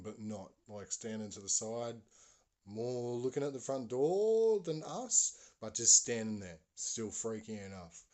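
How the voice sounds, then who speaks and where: Rambling man with a lowish voice. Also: a little mellow. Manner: rambling, many fillers, slangy. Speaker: podcast host. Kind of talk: casual storytelling.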